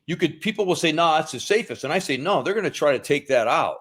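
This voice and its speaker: A man talks casually on a podcast in a relaxed, easygoing way. His pitch swings widely, and he leans hard on the things that worry him. He tends to repeat himself when making a point. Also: fast talker. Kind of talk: casual chat.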